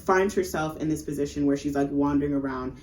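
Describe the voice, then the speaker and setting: A woman's voice: quick pace, roomy sound, slight background noise, rough recording. A woman co-hosting a podcast, animatedly retelling a film's plot and acting out the characters. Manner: animated storyteller, acts out characters in high voices. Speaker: podcast co-host. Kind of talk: casual movie recap chat.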